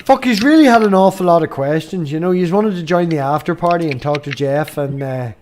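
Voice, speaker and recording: A man's voice: a little high, a little fast, a little mellow, a little hiss or hum. A man hosting a casual chat with teasing, crude banter. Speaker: host.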